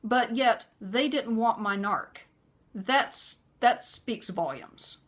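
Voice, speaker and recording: A woman telling a personal story in an earnest, conversational way, filling pauses with "you know". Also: a little high, lively intonation, fairly bright tone. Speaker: vlogger.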